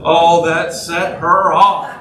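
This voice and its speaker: A man's voice: on the high side, a bit bright. A man preaching a casual, joking sermon to his congregation, telling stories and asking the people in the pews questions. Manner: chatty, jokey, asks the congregation questions. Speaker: pastor. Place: church sanctuary. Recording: echoey room, voice from far off.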